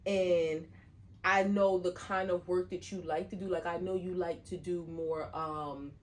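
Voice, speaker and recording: Woman with a lowish voice chatting on a podcast, soft and supportive, kinda halting, faint hiss. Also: steady tone. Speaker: podcast co-host. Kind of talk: casual chat.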